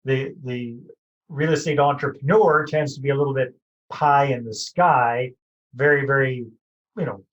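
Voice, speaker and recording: A man's voice: mid-range voice, steady tone, moderate pace, lo-fi sound. A middle-aged man hosting a podcast, casually rephrasing and summing up his guest's points. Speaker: podcast host. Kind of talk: podcast interview.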